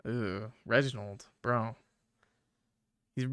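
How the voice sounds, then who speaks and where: A man's voice: mid-range voice, normal speed, sharp tone, no room sound, studio quality. A young man doing casual game commentary as a streamer, joking, laughing often and talking to his chat. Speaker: gaming streamer.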